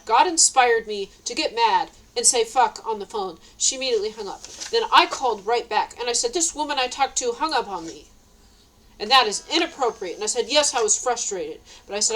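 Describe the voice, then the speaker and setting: A woman's voice: on the high side, fairly bright tone, poor audio. A middle-aged woman ranting to camera, agitated and swearing, rambling with many restarts. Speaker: vlogger.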